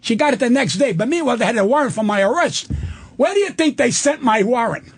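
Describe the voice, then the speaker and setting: An older man, a guest comedian, delivering a loud and profane shouting rant on a studio talk radio show. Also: extremely high pitch, lively intonation, quick pace, husky.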